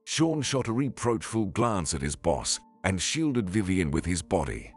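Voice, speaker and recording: A man narrating a scripted family drama story in a calm, even way. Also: low voice, unhurried, few pauses, slightly rough, soft background music.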